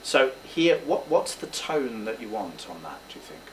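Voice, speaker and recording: A man's voice: medium pitch, very animated, normal speed. A male drama teacher coaching a student through a speech, encouraging him and demonstrating lines aloud. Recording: roomy, distant mic, faint background noise.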